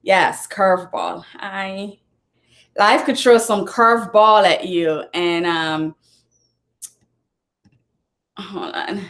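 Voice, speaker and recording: A woman's voice: mid-range voice, extremely slow, long pauses, fairly bright tone. A woman who is a motivational speaker and author, giving an earnest, casual talk. She repeats her points, often restarts her sentences, and now and then fumbles for words. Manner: earnest and repetitive, with frequent restarts.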